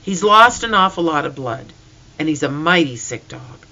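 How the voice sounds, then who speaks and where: Reader doing a calm, gentle farm father. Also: medium pitch, moderate pace, poor audio. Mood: comforting. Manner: calm and comforting.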